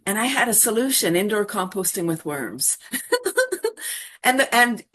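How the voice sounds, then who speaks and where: A woman's voice: mid-range voice, expressive, normal speed, a bit bright, a little hiss or hum. A woman from Canada, a panel guest, chatting casually and laughing between thoughts. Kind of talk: casual chat.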